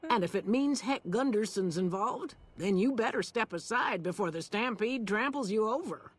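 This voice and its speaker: Female actor as a patient, resigned rancher's wife, measured and plain. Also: mid-range voice, expressive, lightly acted. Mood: weary. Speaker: game character.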